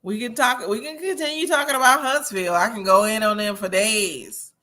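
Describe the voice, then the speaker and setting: Chatty lady host on a livestream, kinda tipsy, bright sharp voice, laughing at the gossip. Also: a little high, a little fast. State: a little tipsy. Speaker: host of a reality-TV review livestream. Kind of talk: casual livestream chat reading viewer comments.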